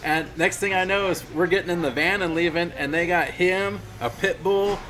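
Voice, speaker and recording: A man with a slightly high voice tells railroad stories in a relaxed conversation, swearing casually as he goes. He acts out both sides of the dialogue in his stories. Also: normal speed, crowd noise, rough recording. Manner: animated storyteller acting out dialogue, swears casually. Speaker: railroad worker. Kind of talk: casual storytelling chat.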